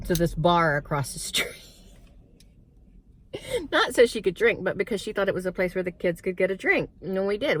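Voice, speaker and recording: A woman with a slightly low voice tells a spooky personal story in a loose, casual vlog. She rambles and restarts her sentences, filling the gaps with "um" and "uh". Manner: rambling, many fillers and restarts. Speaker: vlogger telling a personal story.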